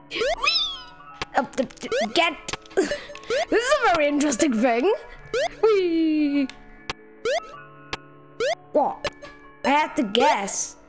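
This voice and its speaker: Woman gamer, let's-play commentary, high lively voice, slow loud excitable talk. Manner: excitable, loud, jumps between shouting and muttering.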